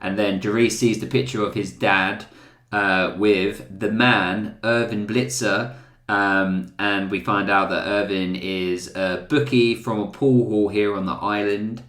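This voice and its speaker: Excitable, jokey male host in a roomy space. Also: on the low side, a little slow. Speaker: podcast host. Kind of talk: casual chat.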